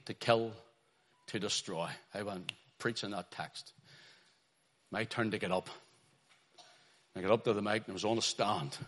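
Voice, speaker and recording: A middle-aged man preaching a sermon, swinging from quiet storytelling to loud urgent calls. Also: lowish voice.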